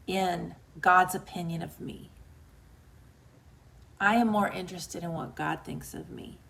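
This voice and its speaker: A woman with a mid-range voice and some vocal fry hosts a book club livestream as an author, giving live viewers a heartfelt motivational talk. She sounds emotional and earnest, sometimes dropping quiet and soft, and chats as she reads their comments aloud.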